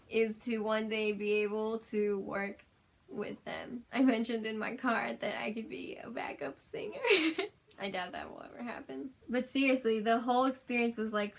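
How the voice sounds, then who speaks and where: A young woman, her voice hoarse from screaming, gushing and giggling as she recaps her day in a casual vlog. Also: a little high. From Los Angeles, USA. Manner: gushing, giggly, fan excitement. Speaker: vlogger.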